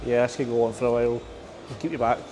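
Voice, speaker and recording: A man's voice: mid-range voice, steady tone, rapid-fire, over music. A man at a car dealership chiming in with brief comments and corrections in casual chat. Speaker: co-worker chiming in. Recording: noisy dealership background.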